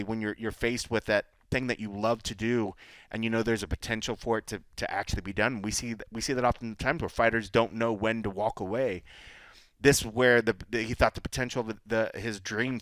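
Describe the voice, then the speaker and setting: A man co-hosting a podcast, telling stories in a rambling, animated way. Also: on the low side, fairly quick, dry recording. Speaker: podcast co-host. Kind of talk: casual chat.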